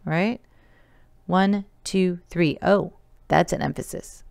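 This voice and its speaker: A woman's voice: lowish voice, takes it slowly, gravelly, darkish tone, no echo. A woman teacher giving a recorded remote lesson, explaining each step patiently and counting elements aloud.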